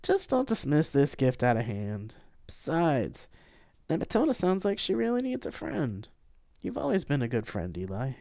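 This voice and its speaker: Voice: mid-range voice, huge pitch swings, moderate pace, creaky, mellow, no room sound, clean studio sound, voice pushed up. The reader voicing a tipsy, blunt young woman who teases her old friend in a live-read audiobook. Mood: warm.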